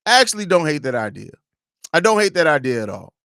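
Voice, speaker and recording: A man's voice: on the high side, very animated, fast, creaky, bright, forceful tone, no echo, clean studio sound. A man hosting a casual live-stream sports talk show from home, opinionated and rambling, often restarting his sentences. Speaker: host of a basketball fan podcast.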